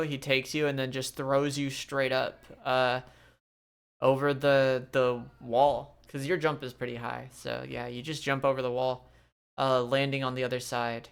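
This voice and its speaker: A man's voice: mid-range voice, a bit bright, clear, resonant tone. A man running a tabletop game as game master, laid-back and chuckling often.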